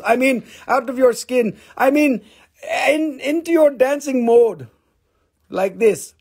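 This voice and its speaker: A man's voice: very high voice, slow pace, darkish tone. A man selling minerals on a casual live stream, joking, swearing and rambling as he talks. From Appalachian Valley, United States.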